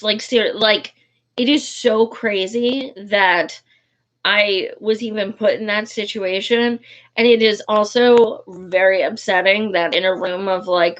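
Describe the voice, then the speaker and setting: A woman's voice: fairly high pitch, a bit bright. A woman, a political activist, talking casually and heatedly, swearing often and restarting her sentences, with many fillers. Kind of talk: casual vlog talk. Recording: dull lo-fi recording.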